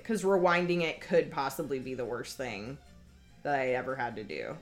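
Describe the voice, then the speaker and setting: A woman's voice: very deep voice, animated, normal speed, soft background music. A woman giving casual, blunt and sarcastic commentary while watching a movie. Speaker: podcast guest.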